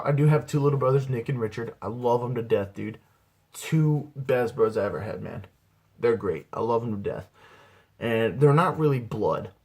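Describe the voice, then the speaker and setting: A young man spins a rambling comic anecdote in a relaxed, slangy voice with a husky edge. His pitch sits in an ordinary middle range. He drops profanity freely and slips into voices for the people in his story. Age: young adult. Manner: laid-back, slangy and profane, acts out quotes. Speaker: aspiring comedian. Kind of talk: casual comic storytelling to camera.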